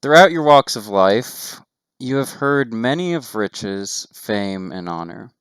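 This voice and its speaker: A man narrating a tabletop game as game master, with steady descriptive narration and casual asides. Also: fairly low pitch, slow, clear, resonant tone, no room sound, studio quality.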